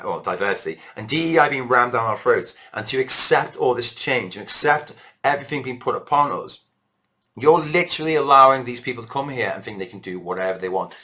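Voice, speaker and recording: A British man holds forth in an unscripted, rambling rant straight to camera. His voice is bright and forceful, pitched in an ordinary middle range, and he keeps circling back to his points with heated conviction. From Britain. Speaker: political vlogger.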